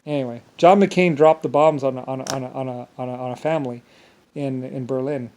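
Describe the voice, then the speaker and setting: A man's voice: mid-range voice, steady tone, a little fast, darkish tone. A man talking alone in a meandering monologue, full of restarts and filler words. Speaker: solo vlogger. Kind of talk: rambling monologue.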